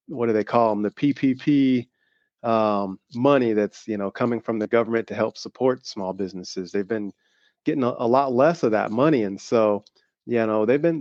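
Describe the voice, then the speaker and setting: A man's voice: mid-range voice, darkish tone, no room sound. Southern-accented male co-host, rambling chatty delivery, muffled lo-fi recording. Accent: Southern American. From American South. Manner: rambling, many fillers and restarts. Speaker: podcast co-host. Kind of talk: casual podcast conversation. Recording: dull lo-fi sound.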